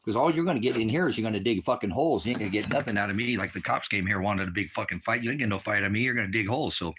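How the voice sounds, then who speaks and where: A man with a fairly low voice rants at his livestream chat, cursing and taunting viewers in a combative tone. He talks into a phone camera, partly outdoors on his rural farm. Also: very fast, background noise. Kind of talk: angry livestream rant at chat.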